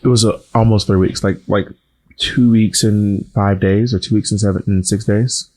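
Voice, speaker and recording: A man co-hosting a casual chat, teasing his co-host with quick back-and-forth questions, his voice held soft and quiet as he recovers from voice strain. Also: fairly low pitch, fairly even intonation. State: recovering voice, talking softer than usual. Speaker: podcast co-host.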